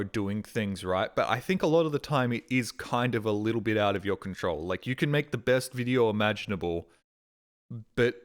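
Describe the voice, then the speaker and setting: Australian streamer, male, young adult, loose rambling chat on a headset, swears a lot. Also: medium pitch. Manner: rambling, swears casually, mimics voices in quotes.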